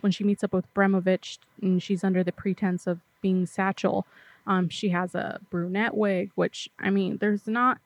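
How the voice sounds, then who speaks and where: A woman talks through a movie's plot in a loose, excitable way, full of "like" and the odd curse word. Her voice sits at a middling pitch. The sound is dry and close, with no room around it. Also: dry recording. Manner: chatty, excitable, swears freely, many fillers. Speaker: movie reviewer. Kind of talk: casual movie review recap.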